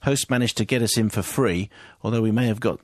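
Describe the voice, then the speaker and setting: A man's voice: on the low side, fairly quick, no room sound. Male radio host, dry and teasing, close dry mic. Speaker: radio presenter. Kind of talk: radio chat, reading listener messages.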